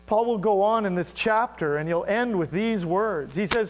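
A man preaching a sermon as pastor, animated and asking the congregation rhetorical questions. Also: high voice, moderate pace, hardly any pauses, poor audio.

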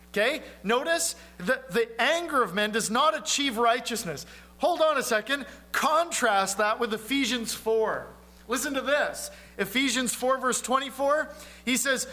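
A man delivering a sermon with a high, bright voice. He preaches earnestly and conversationally, putting rhetorical questions to his listeners. He sometimes sinks to a soft, low tone to press a point home. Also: expressive, measured pace. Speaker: pastor.

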